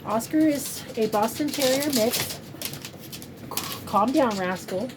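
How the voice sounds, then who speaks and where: Her voice is fairly high with lively intonation, and she speaks slowly. A crochet vlogger in her 50s from California, she talks in a rambling, heartfelt, filler-heavy way in a casual vlog made at home, where the recording is noisy.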